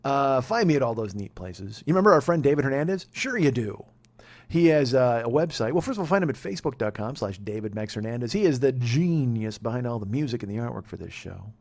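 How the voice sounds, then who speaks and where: A man's voice: medium pitch, animated, fast talker, darkish tone. A man in his forties hosting a podcast, telling a comic story in a profane, exasperated, self-mocking way. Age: 40s. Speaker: podcast host.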